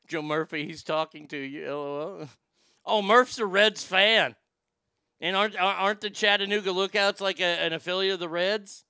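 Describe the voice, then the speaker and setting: A man's voice: high voice, moderate pace, pushed and bright, clear, resonant tone, dry recording, clean studio sound. A man hosting a casual, profane, sarcastic comedic rant. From Texas. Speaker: host.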